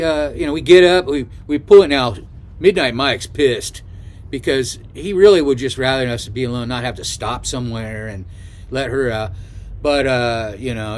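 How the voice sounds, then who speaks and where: An older man telling a story to camera in a casual, rambling way, full of asides and fillers. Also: mid-range voice. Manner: rambling, chatty, full of asides and "you know". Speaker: travel vlogger.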